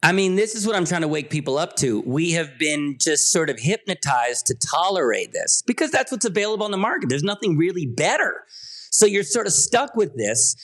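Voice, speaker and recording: Fired-up guy on a podcast, kinda high voice, hammers every point hard. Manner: emphatic, insistent, rising to sharp peaks. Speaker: podcast guest. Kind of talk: passionate interview talk.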